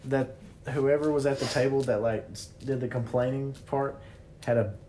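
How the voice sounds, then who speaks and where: A man's voice: mid-range voice, normal speed, poor audio. Laid-back, swearing man, faint background hum. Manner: relaxed, profane, fillers like "like". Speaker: restaurant server. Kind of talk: casual chat.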